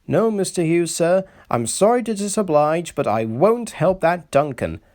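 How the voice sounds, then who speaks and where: A man's voice: on the high side, lively intonation, measured pace, a little mellow, voice pushed up. A man voicing a small, polite and stubborn male diesel engine in a storybook reading, speaking earnestly.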